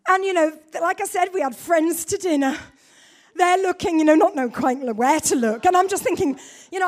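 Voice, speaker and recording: High-voiced woman preaching with animated storytelling. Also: brisk. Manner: animated storytelling, self-mocking. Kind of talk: sermon.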